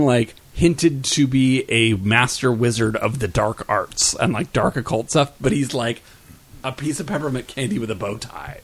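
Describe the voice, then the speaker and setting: A man co-hosting a casual pop-culture podcast, his voice at an ordinary middle pitch. He rambles from one show to the next and fills his sentences with "like" and "um". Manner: rambling, filler-heavy, frequent "like" and "um". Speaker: podcast co-host.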